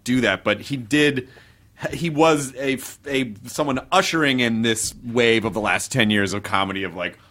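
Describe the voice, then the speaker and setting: A man hosting a podcast, talking casually in quick, searching sentences that often restart. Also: medium pitch, a bit bright. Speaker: podcast host.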